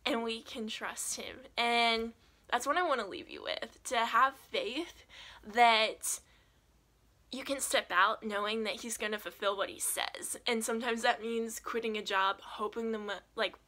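A young woman telling a personal faith story as a vlogger, earnest and animated, with lots of "like". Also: fairly high pitch, a little slow. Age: young adult. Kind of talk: personal testimony.

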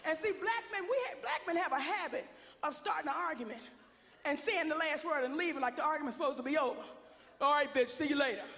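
Brassy high-voiced woman comic, gravelly edge. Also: fast talker, long reverb tail. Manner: brassy, bold and sassy, often shouting punchlines. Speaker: stand-up comedian. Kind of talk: stand-up comedy set.

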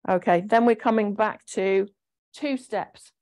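A woman guides a gentle exercise class at a mid-range pitch. She talks in a chatty, encouraging way and explains each movement as she goes. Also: measured pace. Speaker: fitness instructor.

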